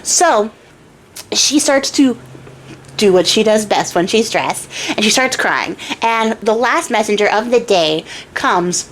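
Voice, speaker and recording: A woman's voice: medium pitch, lively intonation, slow pace, a little hiss or hum. A young woman hosting a craft channel, retelling a fairy tale in a chatty, playful, slangy way.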